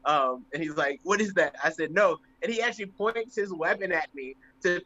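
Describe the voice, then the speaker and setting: A man's voice: fairly high pitch, normal speed. A young man co-hosting a podcast, telling stories casually and acting out the voices of people in them. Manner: animated, acts out voices in anecdotes. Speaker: podcast co-host. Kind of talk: casual storytelling. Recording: slightly muffled lo-fi audio.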